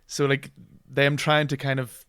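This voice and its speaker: A man co-hosting a casual film podcast. He talks in halting bursts with lots of restarts and frequent laughter. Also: medium pitch, completely flat delivery, a bit bright, smooth, dry recording, clean studio sound. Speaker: podcast co-host.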